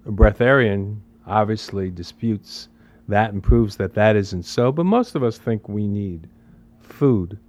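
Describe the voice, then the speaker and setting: A man's voice: lowish voice, expressive, measured pace, a little mellow. Man giving a repetitive spiritual talk. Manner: conversational and emphatic, repeating phrases and asking rhetorical questions. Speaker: spiritual teacher.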